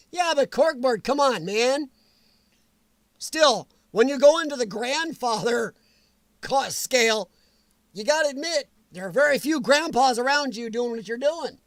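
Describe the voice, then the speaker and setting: A man hosting a casual livestream, answering viewers' comments in a chatty, animated way with frequent chuckles. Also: very high voice, measured pace, pauses often, no room sound. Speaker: livestream host.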